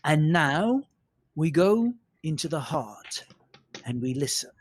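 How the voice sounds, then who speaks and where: A man's voice: on the high side, big pitch swings, slow, full character voice. A man voicing a sardonic miner who trades dry, teasing jabs over the radio in a tabletop role-play game. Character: sardonic, mocking miner on the comms.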